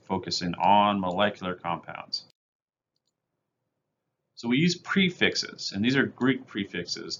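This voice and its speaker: A man with a somewhat low voice explains chemistry in a recorded lecture, going step by step in a plain, methodical way. The audio is dull and lo-fi, with a faint hiss of noise underneath. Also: sharp tone. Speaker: chemistry teacher. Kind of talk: recorded lecture over slides.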